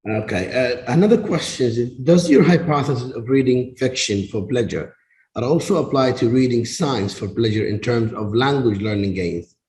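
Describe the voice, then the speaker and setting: A man's voice: mid-range voice, expressive, normal speed, darkish tone. A man moderating a Q&A, reading out audience questions with some hesitation. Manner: hesitant, reads aloud. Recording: roomy echo.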